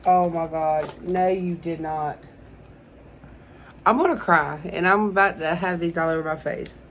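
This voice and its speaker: A woman's voice: lowish voice, fairly even intonation, a little slow, fairly bright tone, slight background noise, low-quality recording. A young woman unboxing beauty products in a casual vlog, gushing and emotional and calling her viewers "y'all". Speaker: beauty vlogger.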